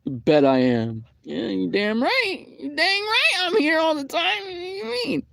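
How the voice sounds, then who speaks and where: A man's voice: very high-pitched, big pitch swings, a little slow, vocal fry, bright, forceful tone, dry recording, voice pushed up, heavily acted. A man playing a grumpy real-life Sonic the Hedgehog, rambling through an aggrieved, repetitive complaint in an improvised comedic rant. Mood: indignant.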